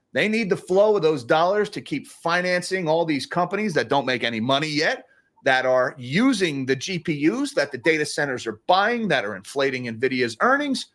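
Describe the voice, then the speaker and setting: A man with a fairly high, slightly bright voice runs a casual livestream about economics. He goes through super chats sarcastically, chuckling and often starting over.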